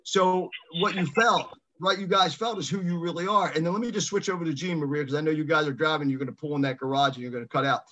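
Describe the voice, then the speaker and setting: A man coaching a group over a call, his voice sitting a bit high. He talks emphatically and circles back over the same phrases to drive them home. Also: fast talker, few pauses, fairly bright tone, highs cut off. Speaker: real estate coach leading a mastermind call. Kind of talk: motivational coaching talk.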